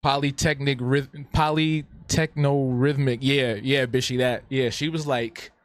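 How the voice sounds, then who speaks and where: A man's voice: medium pitch, steady tone, a little slow, no echo. A man hosting a live drawing stream, chatting playfully and answering viewers. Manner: playful, talks back to the chat, repeats himself. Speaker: streamer and artist. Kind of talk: casual live-stream chat.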